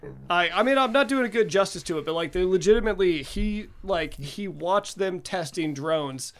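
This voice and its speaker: A man with a somewhat high voice talks loosely among friends, piling up fillers and false starts as he retells a story. He swears casually and keeps the chat relaxed. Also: moderate pace. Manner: rambling, profane, many fillers and restarts. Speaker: podcast co-host.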